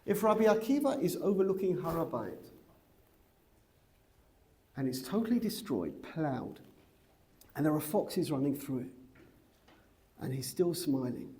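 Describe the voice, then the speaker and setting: A middle-aged man, a rabbi teaching a women's seminary class, who tells a story, asks the class rhetorical questions and grows loud and excited, switching between Hebrew and English. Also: fairly high pitch, unhurried, long pauses. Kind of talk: lively Torah lecture with storytelling.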